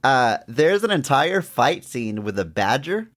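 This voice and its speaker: A young man co-hosting a casual podcast, reviewing a film with lots of laughing and excited jumps in pitch. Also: measured pace. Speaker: podcast co-host. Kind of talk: casual movie review chat.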